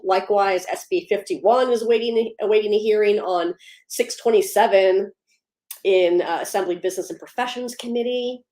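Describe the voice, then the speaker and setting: Greeting viewers by name, an upbeat woman hosts a casual livestream and laughs easily between policy updates. Her voice is medium in pitch with a dark tone, and the sound is roomy.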